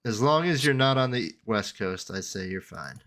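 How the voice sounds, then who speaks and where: A man hosting a gaming debrief in casual chat, relaxed and joking, humming to himself between remarks. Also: lowish voice, moderate pace.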